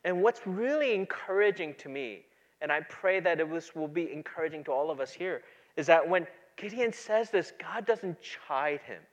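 A man's voice: fairly high pitch, animated, moderate pace, highs cut off. A man preaching a sermon in a church, talking conversationally, often asking "right?" and acting out quoted lines. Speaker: pastor.

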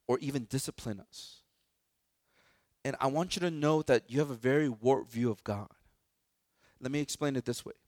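A man preaching a sermon at a church, lively and joking, acting out quoted voices into a microphone. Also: medium pitch, dry recording, clean studio sound. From Chicago, United States. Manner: animated, acts out quoted voices, joking asides. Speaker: pastor. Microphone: handheld or stand microphone.

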